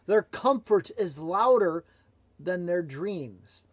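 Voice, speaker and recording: High-voiced emphatic motivational speaker man. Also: lively intonation, takes it slowly, breathy edge, no room sound. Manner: emphatic, swings between loud and hushed. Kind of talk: motivational livestream talk.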